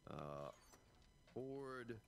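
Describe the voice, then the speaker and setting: A man's voice: mid-range voice, big pitch swings, very slow, vocal fry, slight background noise. A middle-aged man streaming a survival game, chatting in a folksy, joking way with his viewers and teammate. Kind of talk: casual live-stream chat.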